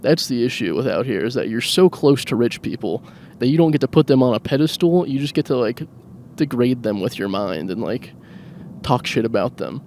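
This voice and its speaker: Driving along, a man hosts a loose solo podcast, drifting from one odd thought to another, mocking himself and laughing at his own jokes. His middle-pitched voice is lively in intonation, a little mellow, and moves at a normal speed, with a faint car hum behind it.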